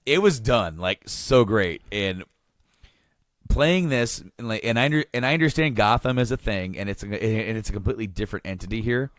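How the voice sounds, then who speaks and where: A male podcast host talks in a low voice, rambling and enthusiastic with frequent restarts. It is easy casual chat. The sound is dry and close to the mic. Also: animated, moderate pace, dry recording.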